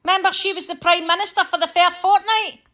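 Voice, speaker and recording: A woman's voice: extremely high pitch, fairly even intonation, fairly quick, bright, forceful tone. A woman giving sweary, sarcastic running commentary on a livestream, mimicking the people she mocks. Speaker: livestream co-host.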